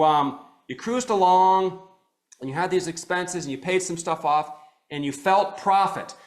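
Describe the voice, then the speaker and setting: A middle-aged man leads a live coaching seminar, his voice sitting a little high. He talks animatedly and tosses "okay?" in after nearly every point. He calls on people in the room and asks them direct questions. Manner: animated, keeps checking in with "okay?". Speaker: practice coach. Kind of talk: live training seminar talk.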